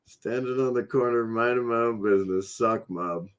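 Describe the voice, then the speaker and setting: A man's voice: mid-range voice, smooth, highs cut off, lightly acted. A man putting on a drawling Southern American voice, playing up the accent for fun. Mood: playful. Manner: slow drawl put on for fun.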